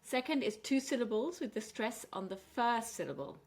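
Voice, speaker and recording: Woman, English pronunciation teacher, clear and deliberate delivery. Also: fairly high pitch, sing-song. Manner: clear, deliberate, stressing words slowly. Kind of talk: pronunciation lesson.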